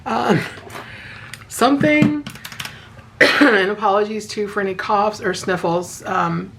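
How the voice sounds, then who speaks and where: Woman, hoarse voice, casual friendly chat, counts cash aloud, mid pitch, faint hiss behind. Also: animated, a little slow, long pauses, fairly bright tone, poor audio. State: hoarse, sounds sick. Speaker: budgeting vlogger.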